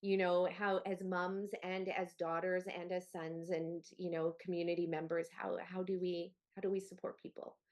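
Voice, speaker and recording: A woman with a lowish voice hosts a podcast interview. She talks earnestly and empathetically, letting her thoughts run on in long strings. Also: flat delivery, normal speed, hardly any pauses. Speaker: podcast host.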